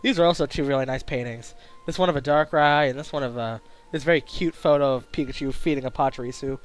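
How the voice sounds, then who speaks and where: A young man casually commenting on a game he is playing, rambling and joking with quick asides. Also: fairly high pitch, faint music behind. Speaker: let's play host.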